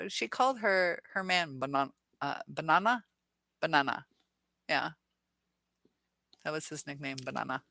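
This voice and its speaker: A middle-aged woman with a bright, forceful voice that sits fairly low, hosting a casual live stream. She chats freely, reads viewers' comments aloud and laughs often. The sound is dry and close, with little room around it. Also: no echo. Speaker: live chat host.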